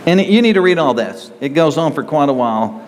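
A man's voice: a little high, expressive, brisk, a little mellow, slight background noise. Earnest male pastor in reverberant hall. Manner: earnest, rising to emphatic reading of scripture. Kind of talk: sermon.

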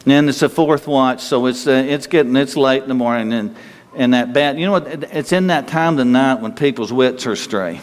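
A man preaching a sermon to a congregation, telling stories in an animated way and moving between loud bursts and quieter stretches. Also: mid-range voice, brisk. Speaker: pastor. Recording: long hall reverb.

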